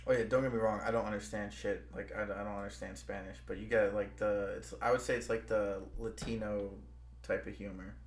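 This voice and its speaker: A man's voice: on the low side, level tone, fairly quick, echoey room, slight background noise. A young man, the stream host, chatting casually, rambling with many restarts and lots of "bro". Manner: rambling, restarts a lot, says "bro" often. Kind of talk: casual chat.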